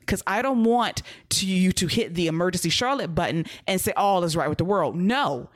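A woman's voice: fairly low pitch, moderate pace. A woman co-hosting a podcast, giving blunt, direct critique in casual review chat. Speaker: podcast co-host.

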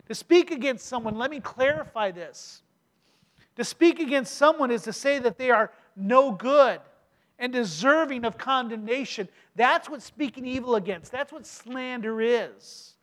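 Middle-aged pastor, very high voice, emphatic sermon delivery with rhetorical questions. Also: male voice, a bit bright. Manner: emphatic preaching with rhetorical questions and slow stressed phrases.

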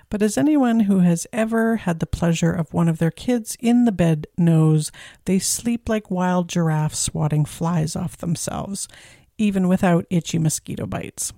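A woman's voice: lowish voice, vocal fry, dark tone, no room sound, studio quality. A woman hosting a podcast, telling a true crime story in a casual, conversational way with filler words. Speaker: podcast host.

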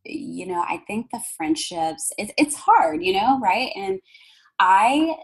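A woman, a podcast guest telling stories in animated chat and acting out other people's lines. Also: medium pitch, takes it slowly, gravelly, slightly rough, rough recording. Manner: animated, acts out others' voices, fillers and restarts. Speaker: podcast guest, manifesting coach. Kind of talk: casual storytelling chat.

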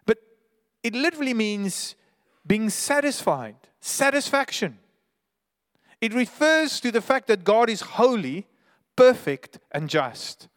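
A man's voice: extremely high pitch, sing-song, slow pace, in a large hall. A man preaching a sermon as pastor, earnest and emphatic, sometimes restarting his words.

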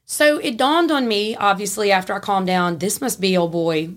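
A woman, a podcast guest telling a story in a frank, animated way and laughing easily. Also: medium pitch, normal speed. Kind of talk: casual storytelling.

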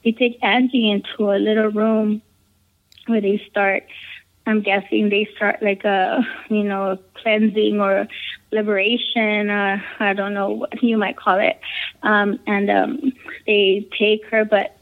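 A woman's voice: mid-range voice, fairly even intonation, a little slow. Woman telling a story over a tinny line. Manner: rambling, full of "um", "like" and "you know". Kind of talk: casual personal storytelling.

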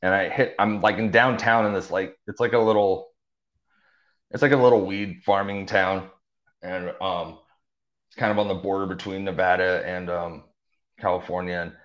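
Rambling young man, low voice, muffled audio. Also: fairly even intonation, normal speed, fairly bright tone. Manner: rambling, lots of fillers and restarts. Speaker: interview guest. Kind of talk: casual storytelling. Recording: dull lo-fi audio.

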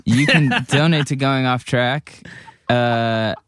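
Guy cohosting a podcast, jokey and animated, mid pitch, dead dry studio. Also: slow pace, smooth, dry recording. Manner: joking, animated. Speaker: podcast co-host. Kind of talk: casual chat. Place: recording studio.

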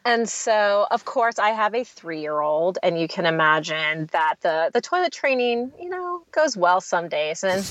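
Animated mother telling kid stories. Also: medium pitch, a little slow, hardly any pauses, dry recording, highs cut off. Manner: animated, acts out her kids' voices. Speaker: guest, mother. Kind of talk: casual chat, storytelling.

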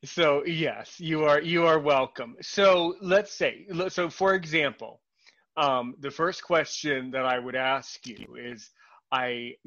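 A man's voice: a little high, fairly bright tone, lo-fi sound. A man hosting a podcast, greeting listeners in an enthusiastic, playful manner. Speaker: podcast host. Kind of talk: casual podcast chat.

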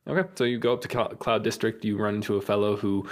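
A man narrating a tabletop game as game master, thinking aloud in an unhurried way. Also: fairly low pitch, steady tone. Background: faint music.

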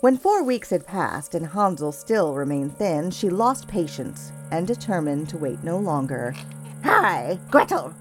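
A woman narrating a fairy tale in a measured, expressive storytelling voice. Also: low voice, faint music behind.

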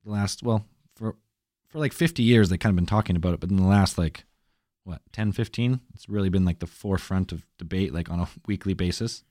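Low-voiced rambling podcast co-host. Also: male voice, fairly quick, darkish tone, no room sound, clean studio sound. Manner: rambling, hesitant, swears a lot. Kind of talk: casual chat.

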